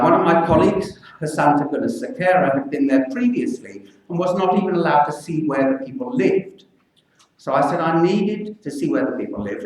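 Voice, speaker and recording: An older man, a children's physician, speaking earnestly and with measured pauses to a public meeting. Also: fairly high pitch, darkish tone. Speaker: pediatric infectious disease physician. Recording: echoey hall, mic from far off.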